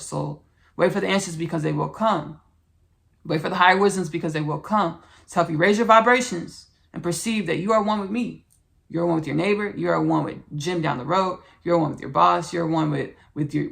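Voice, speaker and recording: A woman's voice: on the low side, brisk, vocal fry. A woman hosting a spiritual podcast, speaking in an earnest, repetitive, preachy way as she talks about channeling. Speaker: podcast host.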